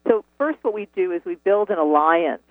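A woman's voice: lowish voice, lively intonation, normal speed, no room sound. A woman author telling her story earnestly and reflectively in a phone interview, over a tinny phone line. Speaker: author and guest.

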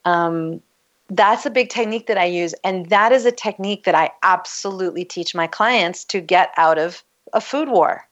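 A woman coach explaining her methods in a relaxed, conversational way, laughing often. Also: lowish voice, normal speed, lo-fi sound. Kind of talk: casual conversation.

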